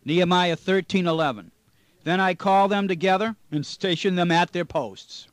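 A man's voice: high-pitched, normal speed, dry recording. Emphatic man preaching on scripture. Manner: emphatic preacher, reads scripture aloud with stress; frequent "amen?" asides and small restarts. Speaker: pastor. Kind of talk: Bible teaching broadcast.

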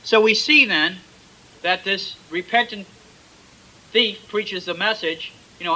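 High, sharp-voiced male preacher. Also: takes it slowly, long pauses, rough recording. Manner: emphatic, dramatic retelling with loudness swings. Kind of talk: sermon.

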